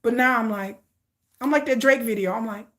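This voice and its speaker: A woman's voice: fairly high pitch, a little fast, a bit bright. A woman vlogger chatting casually with her viewers, playful and laughing often.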